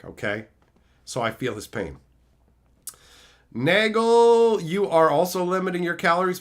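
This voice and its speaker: A man streaming, answering his chat and telling stories in a loud, profane, laugh-filled way. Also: high voice, unhurried, long pauses. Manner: animated, profane storytelling with frequent laughter. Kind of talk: casual livestream chat.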